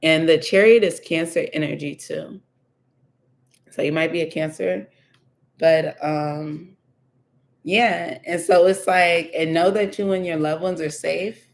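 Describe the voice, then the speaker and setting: A woman's voice: low voice, steady tone, unhurried, vocal fry. A woman giving a casual tarot reading, thinking aloud with many fillers and repeating her questions to the cards. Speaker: tarot reader.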